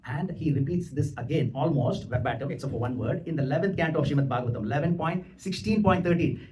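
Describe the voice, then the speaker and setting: A man giving a devotional lecture in a temple hall, explaining scripture and slowly chanting Sanskrit mantras. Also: a little high, darkish tone, far from the mic, a little hiss or hum.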